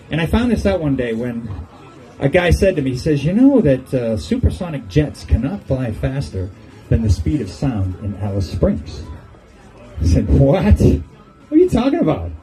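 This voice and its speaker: A man's voice: mid-range voice, animated, moderate pace, mellow, soft background music, poor audio. An older man giving a humorous farewell speech on an outdoor patio, telling jokey stories and chuckling at his own punchlines. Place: outdoor golf club patio.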